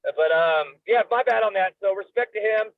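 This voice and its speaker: A man's voice: sits high, normal speed, no echo. A man co-hosting a podcast in loose, joking casual sports chat, cursing casually. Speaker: podcast co-host. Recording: tinny phone-like sound.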